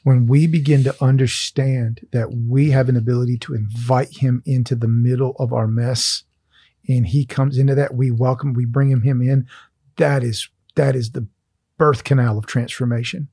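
A man's voice: medium pitch, fairly even intonation, moderate pace, dark tone, slightly rough, no room sound, clean studio sound. A man hosting a faith conversation, telling a personal testimony in an earnest, emotional way.

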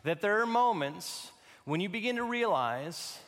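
A man's voice: high voice, animated, measured pace, a bit bright, long reverb tail. A man pastor preaching a sermon to his congregation, building emphatic repeated phrases.

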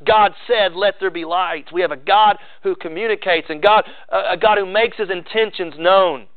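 A man delivers a sermon, building earnest emphasis and then dropping into relaxed, conversational asides. His voice sits slightly high. The sound is dry and narrow, like it's coming down a phone line. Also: no room sound. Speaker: pastor.

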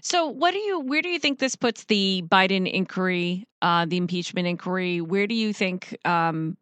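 A woman hosting an interview, asking halting questions with fillers. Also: fairly low pitch, lively intonation, a bit bright, clean tone, no echo. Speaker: interview host.

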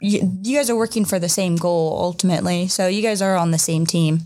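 A woman's voice: fairly low pitch, darkish tone. Candid, emotional woman co-host. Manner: candid, emotional, quick to laugh. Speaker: podcast co-host. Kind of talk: casual podcast chat.

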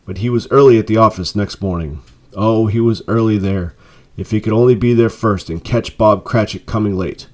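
A man reading a classic story aloud with measured, expressive storytelling. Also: on the low side. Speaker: narrator.

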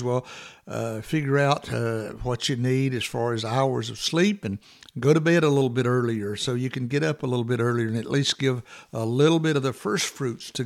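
A man hosting a morning devotional podcast, talking informally with many fillers and restarts as he works through a scripture passage. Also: mid-range voice.

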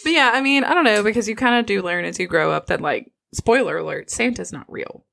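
A young woman co-hosting a podcast, chatting casually and trading deadpan jokes. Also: medium pitch, a little fast, gravelly. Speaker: podcast co-host. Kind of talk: casual chat.

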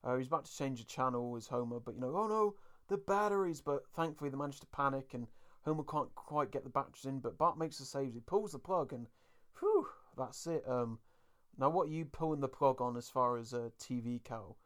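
A man's voice: mid-range voice, fairly quick, a bit bright. A British man hosting a casual podcast, chatty and rambling, laughing easily as he recaps an episode. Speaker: podcast host.

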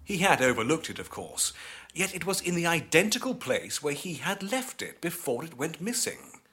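Expressive male audiobook narrator. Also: on the high side. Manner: expressive, measured storytelling. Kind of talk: audiobook narration of a ghost story.

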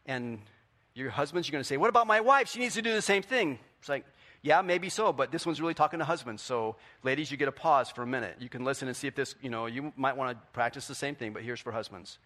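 Bright-voiced animated male pastor. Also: fast talker. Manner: animated, swings from quiet to loud and high; conversational, asks the audience questions. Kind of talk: sermon.

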